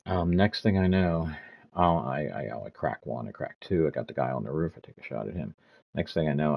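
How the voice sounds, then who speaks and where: A man's voice: very deep voice, gravelly, husky, dull audio. A man in his fifties streaming a game, ranting and swearing as he tells stories in casual chat. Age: 50s. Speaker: gaming streamer.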